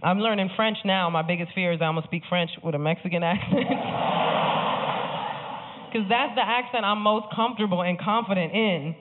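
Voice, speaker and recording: A woman's voice: medium pitch, moderate pace, phone-quality sound, very noisy. A woman comedian from the Bronx doing a brash, sassy stand-up set, laughing through her punchlines. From Bronx, New York.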